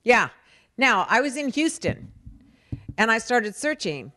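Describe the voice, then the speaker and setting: Woman giving an animated storytelling speech. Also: a little high, measured pace. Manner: acts out quoted dialogue, repeats words for emphasis. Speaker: speaker at a fundraising dessert. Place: event hall.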